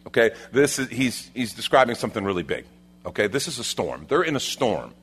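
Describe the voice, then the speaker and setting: Animated man preaching a sermon. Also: mid-range voice, fairly quick, breathy edge. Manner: animated, acts out voices, asks the room questions. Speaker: pastor.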